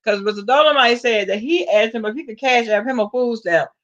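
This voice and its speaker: A sassy woman with a Southern US accent tells stories casually, animated and quick to laugh. Her voice sits a little high. The recording is dull and lo-fi. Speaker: vlogger. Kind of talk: casual storytelling.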